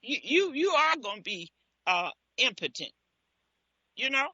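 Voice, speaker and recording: A woman's voice: sits high, very animated, unhurried, pushed and bright, breathy edge, dull audio. A woman hosting a radio advice show, speaking bluntly and giving frank relationship advice in a casual talk style.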